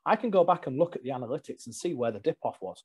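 A guest wrestler chats casually in an interview, acting out his stories and their quotes with animation. His voice is medium-pitched and rapid-fire, with a breathy edge.

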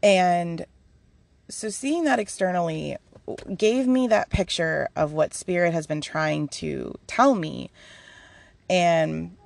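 A woman's voice: lowish voice, slow pace, gravelly, no echo. A woman hosting a podcast in a casual, candid monologue, laughing often as she shares. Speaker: podcast host.

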